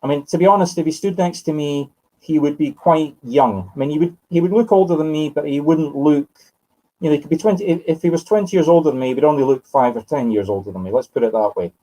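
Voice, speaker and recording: Over poor audio, a Scottish man in his fifties speaks quickly in a fairly high, mellow voice. He's a medium doing live readings, thinking out loud, fixing his own words, and naming the sitters he speaks to.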